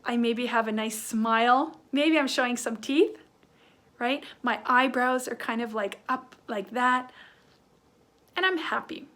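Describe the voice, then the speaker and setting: A woman's voice: fairly high pitch, a little slow. A woman teacher giving an online lesson to young children, acting out faces and sounds, with many "right?" and "um" fillers. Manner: animated, acts out facial expressions with sounds.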